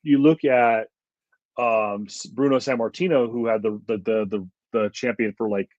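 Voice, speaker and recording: A man's voice: medium pitch, steady tone, moderate pace, a little mellow, no echo, dull audio. A man co-hosting a podcast, giving rambling, heated opinions with lots of fillers. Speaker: podcast co-host. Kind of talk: casual chat.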